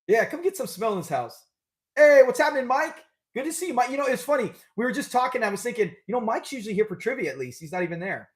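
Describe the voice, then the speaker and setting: A man with a notably high voice hosts a live trivia stream. He keeps things loose and conversational, chatting with viewers and laughing easily. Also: big pitch swings, quick pace. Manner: chatty, upbeat, laughs often. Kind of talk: casual live-stream chat.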